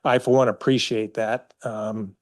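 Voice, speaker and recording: An older man steps up to a podium microphone in a council chamber to give public comment. He sounds earnest and pleading, with halting starts and fillers. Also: on the low side, little pitch movement.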